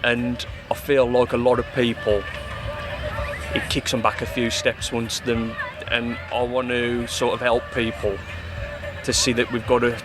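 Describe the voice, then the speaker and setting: A man's voice: mid-range voice, completely flat delivery, measured pace. A man from the Midlands, a poet talking casually in an interview outdoors at an event, plain-spoken and calling the host mate. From English West Midlands. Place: outdoor event with music behind. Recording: outdoor event with loud music behind. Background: live music.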